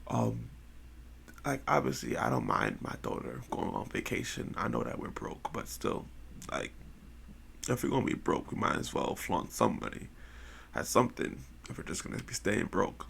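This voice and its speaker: A man giving casual gameplay commentary with slangy, excitable reactions. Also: fairly low pitch, normal speed, vocal fry, a little hiss or hum. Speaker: gaming video host.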